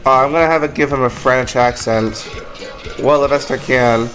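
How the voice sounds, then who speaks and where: A man's voice: mid-range voice, steady tone, normal speed, fairly bright tone, soft background music, rough recording. A young man giving casual gameplay commentary with joking, self-deprecating asides. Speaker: gaming video creator.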